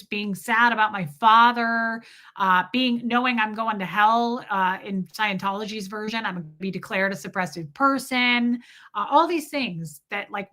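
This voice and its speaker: A woman's voice: medium pitch, pushed and bright. A middle-aged woman chatting candidly on a livestream, telling stories animatedly and acting out quotes. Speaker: live streamer. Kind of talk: casual livestream chat.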